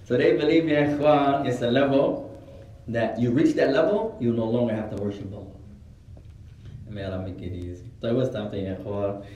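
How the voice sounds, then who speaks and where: A man giving a religious lesson, telling a story with lively retellings and Arabic religious phrases woven into his English. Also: mid-range voice, fairly quick, highs cut off. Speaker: religious teacher. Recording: very echoey room from a distant mic.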